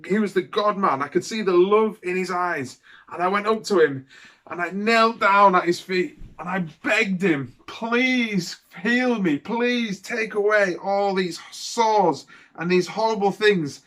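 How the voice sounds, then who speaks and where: A man's voice: high-pitched, fairly bright tone. A man playing a mournful leper outcast. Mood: sorrowful. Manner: mournful, sighing, slow and heartfelt. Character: man with leprosy, outcast, telling his healing. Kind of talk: dramatic monologue for children.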